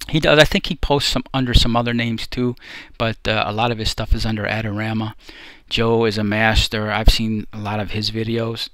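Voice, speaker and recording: Male host, mid-pitched, chatty and rambling, dry close recording. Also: a bit bright, no room sound. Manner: rambling, restarts phrases, conversational. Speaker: host ranking photography instructors. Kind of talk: casual talk.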